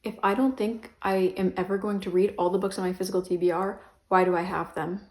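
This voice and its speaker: This book vlogger has a mid-range, slightly mellow voice with fairly even intonation, and she moves at a fairly quick clip. In an echoey bedroom, the young woman chats about her books, teasing herself and rambling with plenty of "um" and "like."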